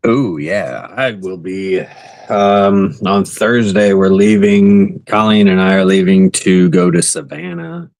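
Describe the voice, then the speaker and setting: Gravelly deep-voiced man in casual chat. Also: slow pace, a little mellow, no echo. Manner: chatty, laughs easily. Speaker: podcast co-host.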